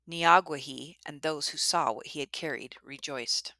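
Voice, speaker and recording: A woman narrates a traditional story at a measured, dramatic pace. Her voice sits low and sounds bright and dry. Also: gravelly, no room sound.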